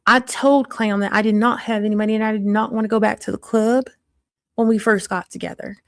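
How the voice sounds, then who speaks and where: A woman's voice: medium pitch, steady tone, fairly quick, no echo, close to an everyday voice. A woman playing a crass small-town mother of three in a put-on Southern country accent, telling a blunt, gossipy story in a live-streamed character monologue.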